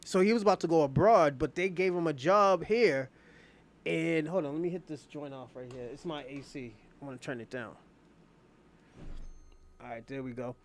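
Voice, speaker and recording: A man's voice: on the high side, moderate pace, crowd noise. A man streaming from home, casually retelling a drama in slangy, profane, rambling talk full of fillers. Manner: slangy, profane, loose storytelling with many fillers. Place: at home, indoors.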